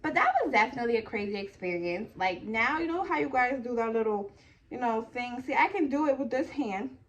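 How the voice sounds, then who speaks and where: A woman's voice: on the high side, animated, a little fast. A young woman from New Jersey telling a personal story in a casual, chatty way, full of "like" and "okay?". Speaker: vlogger.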